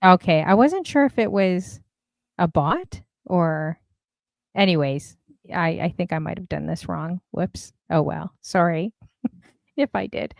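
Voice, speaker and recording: A woman's voice: fairly low pitch, animated, a little slow, gravelly, darkish tone, no echo. A woman hosting a casual live-stream interview, chatty and a bit scattered. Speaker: host.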